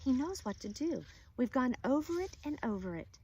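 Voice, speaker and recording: A woman's voice: sits high, very animated, moderate pace, dark tone, husky, voice pushed up, full character voice. A woman voicing a tiny father who reassures his family, reading a children's chapter book aloud. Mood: reassuring. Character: tiny careful father, small man.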